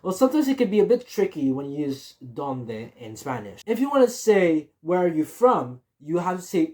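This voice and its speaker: A Spanish teacher giving a casual beginner lesson, repeating each example phrase slowly and often checking in with "right?". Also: mid-range voice, big pitch swings, a little mellow.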